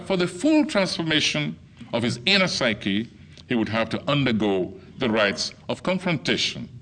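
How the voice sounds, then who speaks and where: An older man from Nigeria delivering a formal lecture in a measured, oratorical manner. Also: mid-range voice, sharp tone, a little hiss or hum. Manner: measured, oratorical delivery with wide swings in emphasis.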